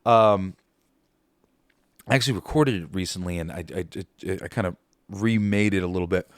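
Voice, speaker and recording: Clean studio audio without echo captures a low-pitched man hosting a podcast at normal speed. His casual chat rambles along with fillers and laughter, and he quotes movie lines as he laughs.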